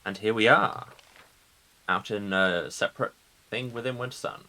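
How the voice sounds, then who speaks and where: A man's voice: on the low side, normal speed, sharp tone. A man streaming a game, reading its text aloud with casual joking asides. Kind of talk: let's play with narration read aloud.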